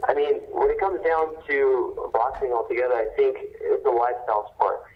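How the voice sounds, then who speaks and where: Young male boxer guest, earnest and measured, lots of ums, mid-pitched, dull phone line. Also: slight background noise. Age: young adult. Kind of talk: phone interview.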